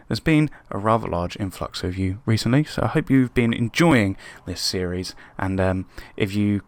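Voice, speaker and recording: A man hosting his own gaming channel, commentating a football management game casually, excitable and prone to yelling at his players. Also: lowish voice, no echo. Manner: excitable, shouting at players, swings between frustration and resignation. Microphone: webcam microphone.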